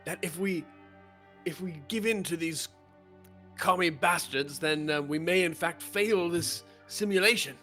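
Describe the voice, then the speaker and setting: A man playing a tabletop game, casually joking and swearing in halting speech. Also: on the high side, pushed and bright, faint music behind. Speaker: player.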